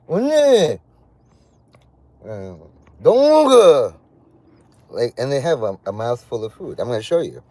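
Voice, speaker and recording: Animated, rambling male streamer. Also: mid-range voice, dry recording. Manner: rambling, joking, lively intonation. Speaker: livestream host. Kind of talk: casual livestream chat.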